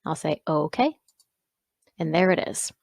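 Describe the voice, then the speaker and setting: A woman instructor talking through a software exercise step by step, pausing to correct herself along the way. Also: low voice, lively intonation, gravelly, no echo. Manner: step-by-step, self-correcting with small asides. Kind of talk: screen-recorded software walkthrough.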